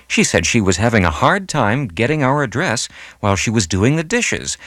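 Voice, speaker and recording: A man hosting a classical radio broadcast, reading scripted announcements in a measured, announcer-like way. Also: on the low side, a bit bright, no echo, studio quality. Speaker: radio host.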